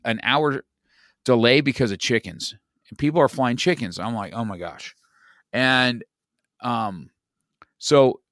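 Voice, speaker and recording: A man's voice: medium pitch, fairly bright tone, no room sound, clean studio sound. A middle-aged man, a podcast guest, telling a story in casual chat, rambling with many restarts and "you know, man.".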